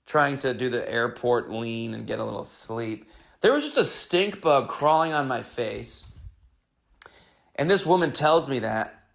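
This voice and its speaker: A man's voice: mid-range voice, vocal fry, fairly bright tone. Guy rambling through a funny story on his podcast, wry little asides, keeps restarting. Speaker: comedian podcast host. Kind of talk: comedic story monologue.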